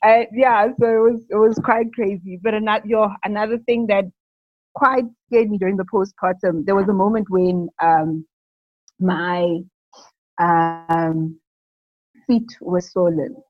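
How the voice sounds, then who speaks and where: A woman's voice: medium pitch, little pitch movement, a little slow, dry recording. A young woman, a new mother, talking casually in an interview, rambling with many fillers and frequent laughs. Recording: dull lo-fi sound.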